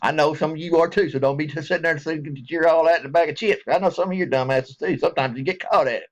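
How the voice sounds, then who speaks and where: Speaking fast with a drawl and a fairly high voice, a middle-aged vlogger chats casually to camera, addressing viewers directly. His talk is folksy, rambling and jokey, and the audio sounds dull.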